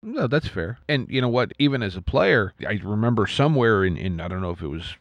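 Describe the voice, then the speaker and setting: A man co-hosting a relaxed podcast conversation, agreeable and easygoing, hedging his points. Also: fairly low pitch, brisk, no echo, lo-fi sound.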